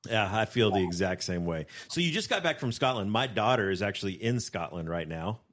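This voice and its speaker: A man with a somewhat low voice hosts a relaxed podcast chat. He teases his guest playfully between questions. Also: fairly quick. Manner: playful, teasing banter. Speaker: podcast host. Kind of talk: casual interview hosting.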